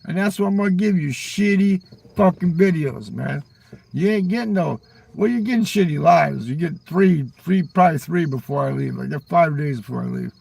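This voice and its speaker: Gravelly older man, swearing, rambling. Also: fairly high pitch, moderate pace, darkish tone. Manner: profane, rambling, ends lines with "man"; talks back to chat viewers. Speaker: live streamer. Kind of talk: rambling live-stream chat. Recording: voice a little far from the mic.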